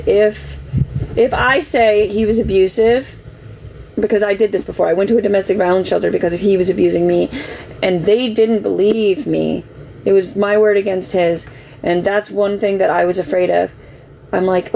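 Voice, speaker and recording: Gravelly-voiced woman, defensive and rambling. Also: medium pitch, warm tone, slight background noise, rough recording. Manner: emotional, defensive, rambling with many "like" fillers. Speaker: livestreamer telling her side. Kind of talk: casual live-stream monologue.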